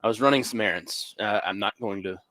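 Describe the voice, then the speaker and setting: A man's voice: lowish voice, quick pace, no echo. A young man co-hosting sports radio in a studio, telling stories with sarcasm and lots of fillers. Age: young adult. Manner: animated storyteller, sarcastic, full of fillers. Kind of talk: sports talk radio banter.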